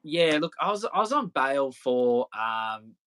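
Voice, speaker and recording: A man's voice: medium pitch, big pitch swings, a little slow, a bit bright, clean tone. A man in his thirties, a podcast guest telling stories in a loose, rambling way, swearing freely and laughing often. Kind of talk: casual storytelling interview.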